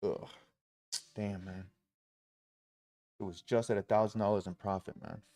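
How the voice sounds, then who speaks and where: A man's voice: lowish voice, little pitch movement, measured pace, dark tone. A man live-streaming his day trading, talking through his trades with heavy swearing and frustrated outbursts.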